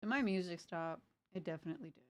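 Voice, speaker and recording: Playful young woman, low voice, dry sound. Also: quick pace, no echo. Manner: playful, reciting tongue twisters and laughing at slips. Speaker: art streamer. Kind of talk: casual chat while drawing.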